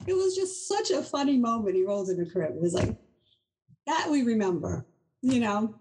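A middle-aged woman from Boston, a guest telling travel stories. She talks in an animated, chatty way and laughs often as she goes. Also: fairly high pitch, moderate pace, low-quality recording. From Boston, USA. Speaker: inventor, guest. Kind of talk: casual interview storytelling.

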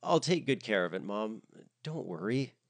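A worn-out grown daughter who answers in clipped, blunt lines, as a male narrator puts her on. She sounds exasperated and drops a curse now and then. The voice stays close to his own, low and lively. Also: moderate pace.

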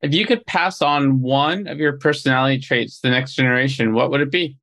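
A male co-host chats in an easygoing way and adds light commentary between questions. His voice sits at a medium pitch. The recording is dry and close. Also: fairly quick, sharp tone, dry recording. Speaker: podcast co-host. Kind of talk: casual interview.

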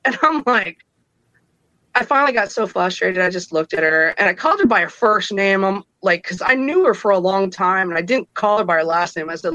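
A woman's voice: medium pitch, lively intonation, fairly quick, sharp tone, no echo, low-quality recording. A woman in her thirties casually telling a personal story, acting out the voices of others and laughing between lines. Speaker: guest telling her own experiences.

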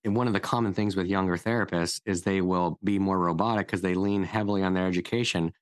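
Deep-voiced man, reflective therapist. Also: fairly even intonation, clean tone, no echo. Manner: reflective, measured, dry humor. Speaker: therapist and podcast co-host. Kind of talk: casual conversational interview.

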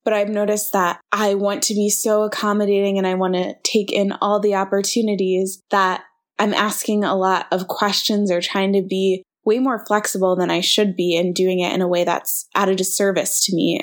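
Casting: young adult woman, solo podcast host, conversational and encouraging, steady mid-range voice. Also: mid-range voice.

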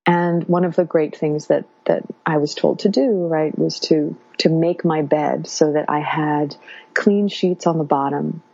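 Guest woman, 30s, low husky voice, rambling storyteller with lots of ums, dull lo-fi recording. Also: steady tone, a little slow, dry recording. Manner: warm, meandering, many fillers. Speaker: guest sharing birth story. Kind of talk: casual interview storytelling. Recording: dull lo-fi sound.

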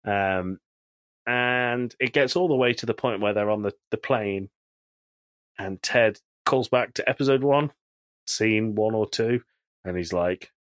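A man's voice: on the low side, measured pace, no room sound. A man co-hosting a podcast in casual chat, animatedly retelling TV scenes and quoting characters. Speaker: podcast co-host.

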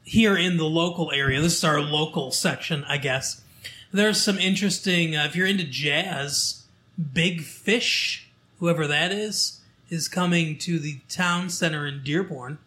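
A man's voice: on the high side, sharp tone. Man casually reading a newspaper aloud. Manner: reads aloud with halting fillers and restarts. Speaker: local show host.

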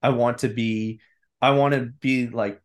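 Candid, animated man telling a story. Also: mid-range voice, measured pace. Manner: candid and animated, acts out his own inner voice. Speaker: podcast guest. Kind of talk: casual storytelling.

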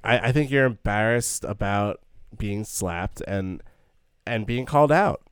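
A man's voice: lowish voice, animated, measured pace, clean tone, dry recording, clean studio sound. A man co-hosting a casual film discussion, earnest and thinking aloud with many stumbling restarts. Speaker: podcast co-host.

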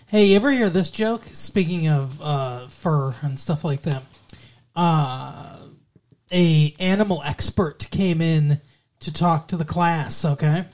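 A man's voice: on the high side, slow, a little mellow. A man co-hosts a casual podcast chat, leaning into crude jokes and laughing at his own punchlines. His delivery is loose and playful throughout. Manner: joking, tells crude jokes and laughs often. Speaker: podcast co-host.

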